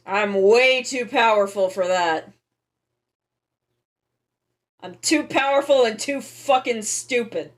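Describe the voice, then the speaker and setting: Slow-talking, higher-voiced woman streamer. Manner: joking, self-deprecating, swears casually; soft, quiet near-ASMR voice close to the mic. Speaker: streamer giving tarot readings. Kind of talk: casual live-stream chat. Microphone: close microphone.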